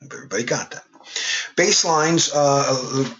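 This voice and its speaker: A man's voice: medium pitch, unhurried, a bit bright, dull audio, a little hiss or hum. A man teaching a class in a casual, conversational way, with joking asides. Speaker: instructor. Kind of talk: classroom lecture.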